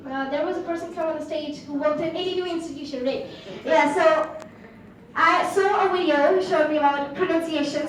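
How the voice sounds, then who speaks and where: A teenage girl with an Indian English accent giving an earnest speech to an audience in a large hall, with frequent fillers. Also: high-pitched. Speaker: student speaker. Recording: echoey hall from far off.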